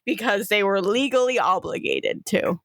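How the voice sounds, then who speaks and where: A woman's voice: medium pitch, lively intonation, normal speed, creaky, dry recording, studio quality. A woman running a tabletop game as game master, narrating casually and teasing her players with frequent laughs.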